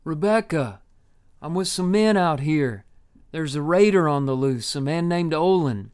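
Narrator doing an anxious, shifty husband, shouting, raised pitch. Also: male voice, lively intonation, measured pace, clear, resonant tone. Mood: shouting anxiously. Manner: shouting across a distance.

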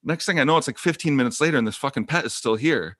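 A man with a middle-pitched voice recorded close and dry on a podcast mic, telling a gaming story in loose casual chat. He rambles, gets animated and swears freely as he goes. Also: fast talker, dry recording. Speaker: podcast co-host.

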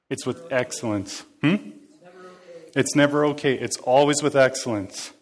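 A man's voice: a little high, a little slow, long pauses. A man preaching a casual, conversational sermon, joking and talking back and forth with his congregation. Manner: chatty, jokey, interacts with the congregation.

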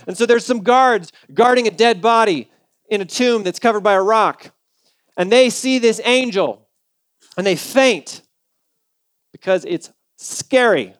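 A man's voice: high-pitched, measured pace, fairly bright tone, dry recording. A male pastor preaching a sermon in a conversational, humorous storytelling way.

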